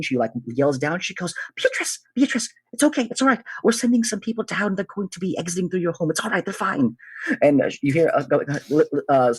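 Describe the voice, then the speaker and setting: A male game master with a husky voice narrates a tabletop game in a loose, rambling way, full of fillers. The sound is dry, as if close to the mic. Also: medium pitch, darkish tone, dry recording.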